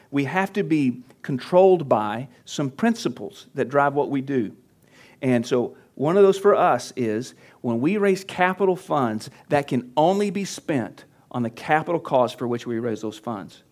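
A pastor teaching church leaders at a conference workshop, talking conversationally and getting animated when he acts out his coaching. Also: medium pitch. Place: conference session room.

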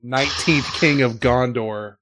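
A man's voice: mid-range voice, measured pace, fairly bright tone, no room sound. A man bantering on a casual podcast, joking and swearing as he guesses quiz answers.

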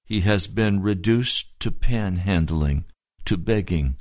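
A male pastor preaching a sermon, retelling a story in deliberate short phrases. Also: low-pitched, darkish tone, no echo, clean studio sound.

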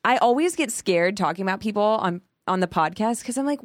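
A woman co-hosting a podcast, chatting in an animated, gossipy way and ranting about a reality show. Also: mid-range voice, a little fast, no echo, studio quality. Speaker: podcast co-host. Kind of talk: casual chat.

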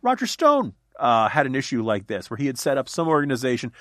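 Fast, animated man telling a story. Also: medium pitch, dry recording, clean studio sound. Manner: animated storyteller, many "you know" fillers. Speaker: podcast guest, writer. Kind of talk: casual podcast conversation.

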